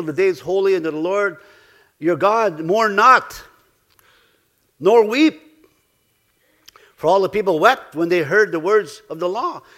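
A middle-aged man preaching a sermon, halting and repeating himself, swinging between loud exclamations and soft asides. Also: sits high. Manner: halting, repeats words and restarts.

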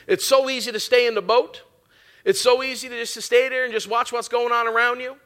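A preacher delivers a sermon in a relaxed, folksy way, blending everyday chatter with scripture and tossing out "amen" and "come on" to his listeners. His voice is high, bright, and forward, and he speaks fairly quickly.

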